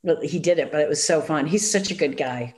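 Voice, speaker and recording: A woman with a nasal Chicago accent, chatting as a guest and telling animated stories full of acted-out quotes. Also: sits low, fairly quick. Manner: animated storyteller, acts out quotes, many fillers. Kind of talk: casual chat.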